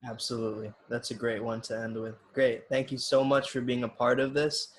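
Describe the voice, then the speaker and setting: A man's voice: mid-range voice, completely flat delivery, fairly quick. A man hosting a casual podcast interview, upbeat and affirming, laughing easily. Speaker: podcast host.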